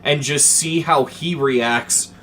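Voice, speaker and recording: A young man chatting casually as a streamer, telling a story with lots of swearing, dropping to mumbles and then getting excited. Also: medium pitch, slow. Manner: animated, profane, swings between mumbling and excited.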